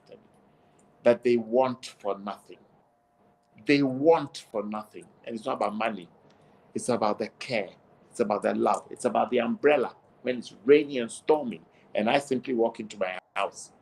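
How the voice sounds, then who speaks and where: A man's voice: medium pitch, creaky, low-quality recording. A man, speaking as an interview guest in an emphatic, preachy monologue that keeps repeating his points.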